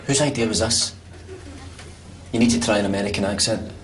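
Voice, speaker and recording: A man's voice: lowish voice, fairly quick, a faint crowd, lightly acted. A man playing a sarcastic Scottish lift rider. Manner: loud, sarcastic. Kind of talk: comedy sketch.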